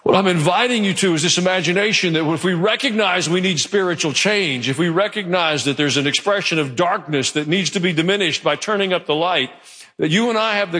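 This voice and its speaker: A male pastor preaching a sermon in a church, telling the story with animated delivery. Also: sits high. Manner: animated storytelling, acting out quoted voices. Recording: long hall reverb.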